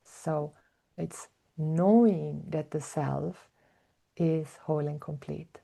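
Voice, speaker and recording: A woman speaks as a spiritual teacher in a slow, searching way, pausing on soft hums. Her voice sits a little low and has a mellow, dark warmth. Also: steady tone, creaky. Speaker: spiritual teacher, podcast host. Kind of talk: reflective spiritual talk.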